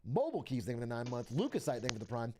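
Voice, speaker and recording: Young male streamer, expressive pitch, loose profane chatter. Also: rapid-fire, background noise. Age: young adult. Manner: rambling, profane, laughs often. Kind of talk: casual stream chat.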